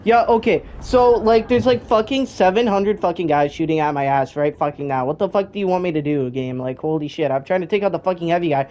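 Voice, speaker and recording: A man's voice: fairly high pitch, fast talker, hardly any pauses, slight background noise. A young man giving gameplay commentary, frustrated and swearing as he rants at the game he is playing. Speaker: gamer. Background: loud game music and gunfire.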